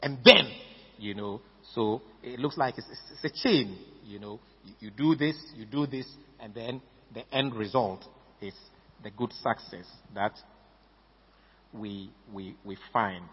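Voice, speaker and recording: A man's voice: lowish voice, unhurried, husky. A man with a Ghanaian English accent preaching a sermon, stressing key words and often repeating himself. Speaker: pastor. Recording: dull lo-fi recording in a reverberant hall.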